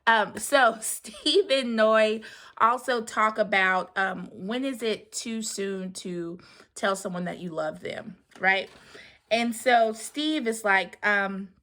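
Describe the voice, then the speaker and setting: A woman's voice: mid-range voice, slow pace, a bit bright. Chatty woman recapping reality TV. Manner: chatty, with many fillers and sighs. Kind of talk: casual spoken recap.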